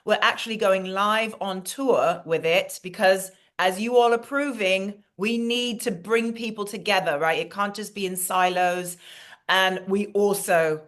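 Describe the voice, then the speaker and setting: A woman's voice: medium pitch, steady tone, a bit bright. A woman from Queens with a New York accent, giving a playful comedic monologue over a video call. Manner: playful, quick banter with asides.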